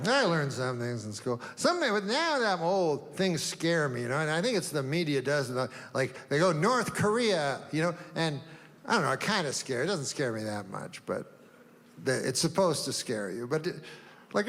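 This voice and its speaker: A man doing a stand-up routine, deadpan and rambling, with long meandering setups and offhand asides. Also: fairly high pitch, moderate pace. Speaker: stand-up comedian. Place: comedy stage before a live audience. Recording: live room reverb, faint ambience.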